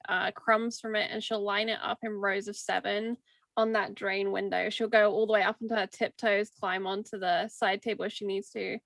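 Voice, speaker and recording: A woman playing a tabletop game, calmly describing what her character does. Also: mid-range voice, dry recording. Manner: calm, descriptive storytelling. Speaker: player.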